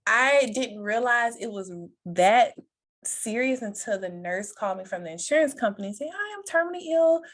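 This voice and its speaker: A woman guest on a podcast telling a personal story in conversation, lively, acting out the voices of others and laughing often. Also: normal speed. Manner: animated, acts out quoted voices with big pitch jumps.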